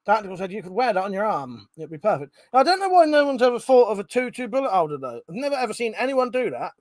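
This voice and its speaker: A chatty man on a live stream, reading out comments from viewers and laughing along. His voice sits a little high for a man. The sound is dry and close, with no room echo. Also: big pitch swings, fairly quick. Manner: chatty, laughs often, swears casually.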